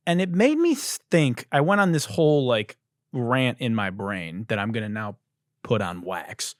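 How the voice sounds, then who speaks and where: A man hosting a comedy podcast, delivering a profane, animated ranting monologue into a close studio mic. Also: medium pitch, moderate pace, no room sound. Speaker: podcast host.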